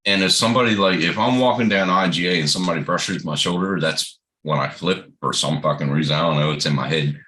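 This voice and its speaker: Deep-voiced blunt Southern American man. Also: fast, few pauses, sharp tone. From Southern United States. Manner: blunt, profane storytelling. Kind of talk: casual chat.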